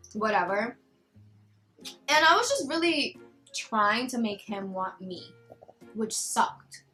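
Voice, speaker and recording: A young woman with a slight Spanish accent, telling a personal story in a casual, animated vlog chat. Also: fairly high pitch, rough recording. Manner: chatty, animated, quoting others in raised voice. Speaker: vlogger.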